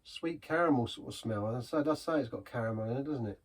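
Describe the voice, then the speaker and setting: A man's voice: medium pitch, quick pace. A man giving a casual, rambling beer review in a pub, chatty and self-deprecating.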